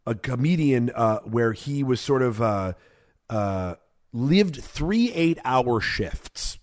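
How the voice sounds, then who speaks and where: A man's voice: mid-range voice, a little mellow. Rambling man telling stories on a podcast. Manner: rambling storyteller, lots of fillers and restarts. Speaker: podcast co-host and comedian. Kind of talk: casual chat.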